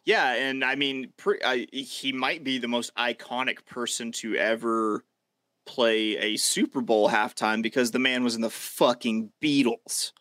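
A man's voice: medium pitch, steady tone, measured pace, pushed and bright, no echo, studio quality. A man in his late thirties co-hosting a casual sports podcast, joking crudely and swearing freely. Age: late 30s. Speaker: podcast co-host.

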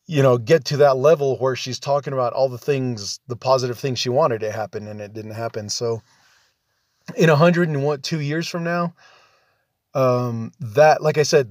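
A man's voice: medium pitch, darkish tone, no echo, clean studio sound. A man hosting a podcast, talking on his own in a loose, rambling way with many fillers and restarts. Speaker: podcast host. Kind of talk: casual solo podcast monologue.

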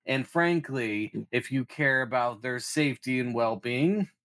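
A man's voice: medium pitch, animated, measured pace, a bit bright, no room sound. A man voicing an impatient tenant who lectures others on rules. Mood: lecturing.

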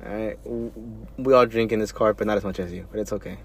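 A man's voice: fairly low pitch, quick pace, slight background noise. A young man co-hosting a casual podcast in a car, teasing his friends, laughing and stammering as he talks. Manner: teasing, laughs a lot, stammers when excited. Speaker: podcast co-host.

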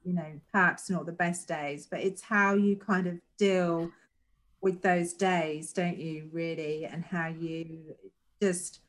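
A woman with a fairly low voice speaks as an interviewer, reflecting in a thoughtful, conversational way. She keeps turning her points into tag questions to invite agreement. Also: fairly even intonation, slow, slight background noise, poor audio. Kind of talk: conversational chat.

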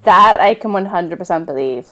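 A woman's voice: lowish voice, animated, a crowd in the background. A woman co-hosting a casual podcast, jumping in with firm opinions. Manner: opinionated, quick to jump in. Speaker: podcast co-host. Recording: dull lo-fi audio.

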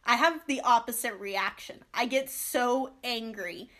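Young female podcast co-host, high-pitched, animated, ranty casual chat. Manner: animated, ranting, quick asides.

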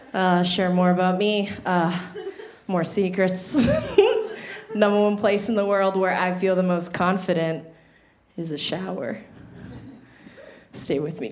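A young woman doing a stand-up comedy set on a club stage, chatty and self-mocking, filling her talk with "like". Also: medium pitch. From Somalia (family). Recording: echoey room with loud audience laughter. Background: audience laughing.

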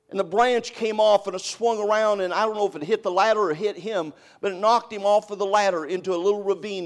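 An older male preacher with a somewhat high voice. He rises into loud, emphatic cries, then drops to a hushed, intimate telling of a story, as in a church sermon.

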